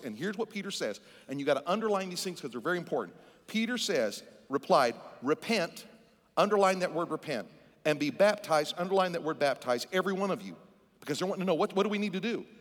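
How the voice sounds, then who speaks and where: Man, pastor, sermon, high voice, rhetorical questions, long reverb from a large hall. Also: a bit bright. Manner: preaching with rapid asides and rhetorical questions.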